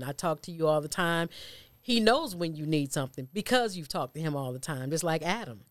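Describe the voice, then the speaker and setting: A man's voice: on the high side, clear, resonant tone, no echo. Preacherly man on a dry podcast mic. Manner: preacherly, builds points with repetition. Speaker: church podcast co-host. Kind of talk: casual faith discussion.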